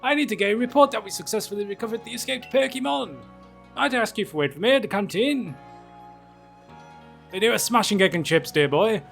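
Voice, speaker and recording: A man's voice: high-pitched, a little fast, creaky, faint music behind, voice pushed up. A man voicing a clumsy, posh British male professor in a game. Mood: genial.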